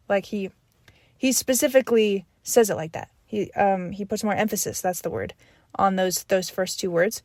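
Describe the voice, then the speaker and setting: A woman's voice: mid-range voice, normal speed, a little mellow, no room sound, studio quality. A young woman hosting a podcast, casually reviewing an album track by track in a rambling, enthusiastic way with many fillers and restarts.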